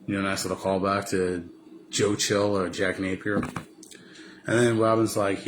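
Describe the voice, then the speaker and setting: A man's voice: low-pitched, level tone, unhurried, background noise. A man casually recapping a film for a video, rambling with lots of fillers and restarts. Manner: rambling, many fillers and restarts, slips into impressions. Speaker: vlogger.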